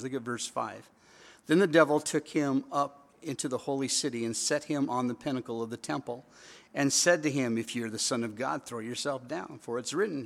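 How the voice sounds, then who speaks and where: A man's voice: mid-range voice, big-room sound. A man preaching a sermon in a conversational way, with emphatic repeated phrases. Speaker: pastor.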